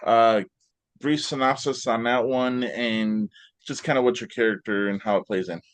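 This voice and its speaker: A man hosting an interview, asking questions in a relaxed, casual way and starting with "uh". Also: medium pitch, normal speed, no echo. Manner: relaxed, laughs along, filler "uh" before questions. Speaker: interview host.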